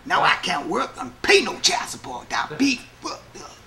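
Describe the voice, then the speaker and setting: A man's voice: high-pitched, huge pitch swings, moderate pace, gravelly, pushed and bright, voice pushed up, full character voice. A man doing a wry, aggrieved old inmate. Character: older male inmate, indignant and wry.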